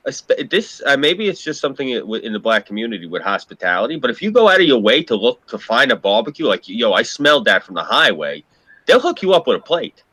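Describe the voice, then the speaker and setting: A man's voice: medium pitch, breathy edge. A man chatting casually, telling loose stories with plenty of swearing and laughter. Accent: American. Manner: lively storyteller, swears freely, laughs often. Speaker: podcast co-host. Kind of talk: casual chat.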